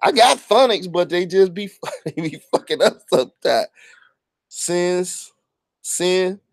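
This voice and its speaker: A man's voice: high-pitched, sing-song, moderate pace, no echo. A man, talking bluntly and profanely in a casual monologue, often stumbling over his words. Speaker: online commentator.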